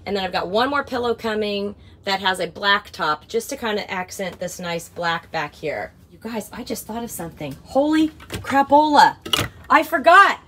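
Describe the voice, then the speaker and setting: Inside her motorhome, a woman hosts a casual home tour vlog, gushing excitably over every little feature. Her mid-range voice moves at normal speed with few pauses, and there's slight background noise.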